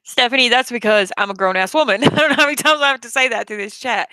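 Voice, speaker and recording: Bright, dry-voiced woman streamer. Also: a little high, fast talker, dry recording. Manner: blunt, swears freely, laughs often. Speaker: livestream host. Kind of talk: casual chat.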